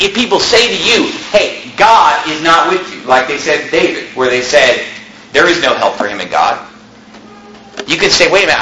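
Bright, emphatic male preacher. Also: a little hiss or hum, rough recording. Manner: emphatic, rises to near-shouting then drops low. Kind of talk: sermon.

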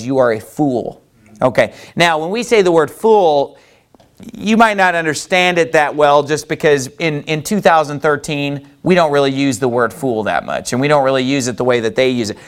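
A man preaching a sermon as pastor, animated and full of rhetorical questions, reading scripture in old-fashioned wording. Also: a little high.

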